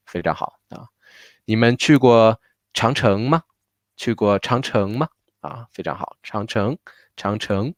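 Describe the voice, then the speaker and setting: A man's voice: lowish voice, a little slow, long pauses, no echo. A man with a Chinese accent teaching Mandarin pronunciation in a live online class, patiently repeating words for learners. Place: home.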